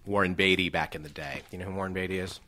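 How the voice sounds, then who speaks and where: Podcast host guy, kinda low voice, talks fast, keeps asking questions. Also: fairly even intonation, noisy background. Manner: chatty, asks probing questions. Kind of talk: casual podcast chat.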